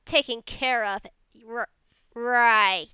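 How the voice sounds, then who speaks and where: A woman's voice: on the high side, slow, bright, forceful tone, clear, resonant tone, dry recording, lo-fi sound. A woman playing a tabletop role-play game, narrating her character's actions in a rambling way. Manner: rambling, many fillers and restarts in narration. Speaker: player.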